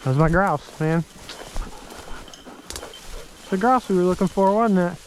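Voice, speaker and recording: A man's voice: high voice, unhurried, a little hiss or hum. A man out hunting in thick woods, talking casually to his dogs and calling commands to them in a coaxing way. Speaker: hunter filming his hunt.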